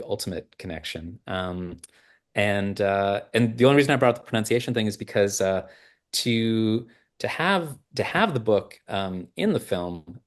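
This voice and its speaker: A man from Canada, a film writer and director, chatting in an interview and telling stories with many fillers and restarts. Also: fairly low pitch. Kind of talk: casual interview chat.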